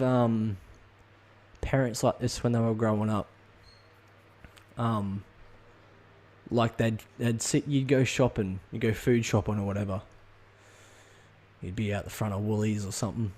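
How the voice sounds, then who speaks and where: A man's voice: mid-range voice, darkish tone. Swearing man ranting casually. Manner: profane, rambling, halting with ums. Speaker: podcast host. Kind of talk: casual comedic rant.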